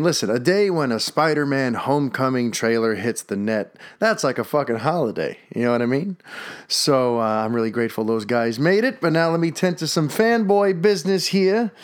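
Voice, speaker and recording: New guy running a podcast, swears a lot, rambles, voice on the higher side. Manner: profane, rambling, enthusiastic. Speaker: podcast host. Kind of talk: casual podcast chat.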